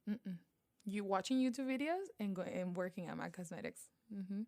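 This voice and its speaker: Lively woman with a Spanish accent. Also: medium pitch, normal speed. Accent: Panamanian Spanish. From Panama. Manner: animated storyteller, acts out quoted voices. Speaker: guest, beauty vlogger. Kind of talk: casual interview.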